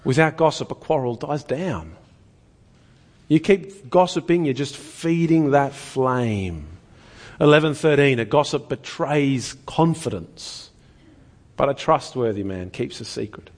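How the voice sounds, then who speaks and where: A man's voice: medium pitch, lively intonation, a little slow. A man preaching a sermon in an earnest, conversational way, often asking the listeners rhetorical questions.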